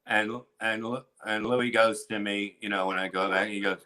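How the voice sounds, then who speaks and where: A middle-aged man, a comedian, telling crude stories in a rambling, animated way with lots of restarts. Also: sits low, normal speed, hardly any pauses, rough recording. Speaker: comedian guest. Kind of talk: casual storytelling chat.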